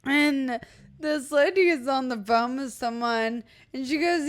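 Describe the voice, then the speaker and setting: A woman's voice: high-pitched, a little slow. A young woman co-hosting a podcast, chatting casually, blunt and laughing as she tells stories. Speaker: podcast co-host. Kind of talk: casual chat.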